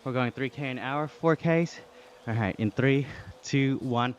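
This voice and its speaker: Man, australian accent, live-stream chat, mid pitch, faint background noise. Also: unhurried, highs cut off. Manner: reads chat aloud and thanks viewers, breathy from exertion. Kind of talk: casual live-stream chat while cycling.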